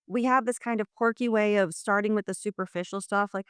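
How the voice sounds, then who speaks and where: Fast and smooth at a medium pitch, her voice has no echo and studio-quality sound. The speaker, a leadership communication coach from New Orleans in the US South, is a guest in a conversational interview over video call, explaining ideas and acting out quoted exchanges with lively voices.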